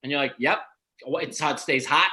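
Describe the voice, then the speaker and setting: A man co-hosting a comedy chat, telling jokes and doing quick impressions in a loose, animated way. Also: fairly high pitch, low-quality recording. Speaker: comedian and co-host.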